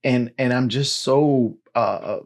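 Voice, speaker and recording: A man in his forties, a pastor, telling his personal testimony in a lively storytelling way, full of "you know" and "right?". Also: mid-range voice, slow, creaky. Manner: animated storytelling with filler words.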